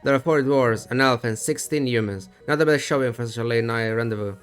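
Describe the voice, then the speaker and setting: A man's voice: mid-range voice, brisk, clean tone, faint music behind. A male streamer reading a text adventure aloud, breaking off for profane, wry asides.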